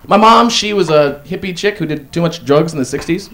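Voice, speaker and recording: A man doing a stand-up comedy set, deadpan setups broken by loud acted-out quotes. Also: fairly high pitch, fairly quick. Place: comedy club stage. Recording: live club audience laughing. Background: audience laughter.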